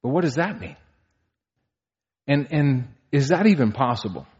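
Earnest and expressive, this man in his thirties delivers a sermon as a pastor, his medium-pitched voice a little mellow and husky at a moderate pace. He asks rhetorical questions and climbs to emphatic peaks, captured in slightly dull, muffled audio.

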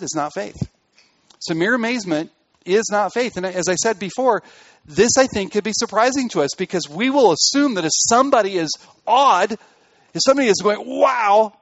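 A man preaching a sermon in an earnest way, building to emphatic peaks and then dropping to quiet asides. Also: on the high side, no room sound, lo-fi sound. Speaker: pastor.

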